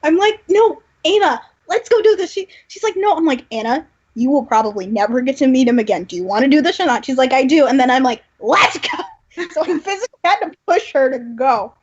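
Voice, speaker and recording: A young woman with a high voice tells animated stories, acting out the quotes as she goes. She is a podcast guest heard through dull, lo-fi audio. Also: quick pace, few pauses, breathy edge. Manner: animated, storytelling with quoted dialogue. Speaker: guest performer. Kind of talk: casual interview chat.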